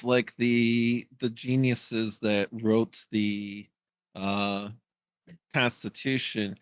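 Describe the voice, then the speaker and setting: A man in casual podcast chat who speaks haltingly, pausing with frequent uhs to find his words. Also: on the low side, dry recording. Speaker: podcast co-host.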